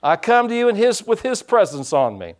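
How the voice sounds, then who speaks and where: Lively folksy preacher man. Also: sits high, brisk. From United States. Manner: folksy storytelling preacher, rising and dropping loudness. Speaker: pastor. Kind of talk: sermon.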